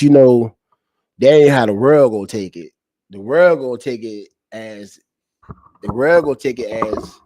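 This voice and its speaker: A man's voice: mid-range voice, darkish tone, no echo, clean studio sound. A man hosting a casual livestream, talking loosely with lots of slang, repetition and profanity. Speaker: online commentary host. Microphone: streaming setup mic.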